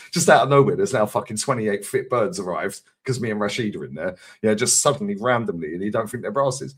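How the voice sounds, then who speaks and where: Husky, animated London man telling stories. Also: lowish voice, brisk, few pauses. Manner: animated, laughing, swearing freely. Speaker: co-host of a football fan channel. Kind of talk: casual storytelling chat.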